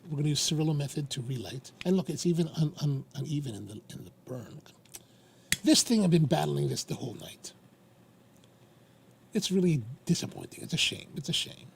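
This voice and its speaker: A man's voice: on the high side, fairly quick, creaky, a little hiss or hum. A man hosting a live stream, chatting casually in a rambling, repetitive way. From Maryland, USA. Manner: rambling, chatty, lively with repeated phrases. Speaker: livestream host.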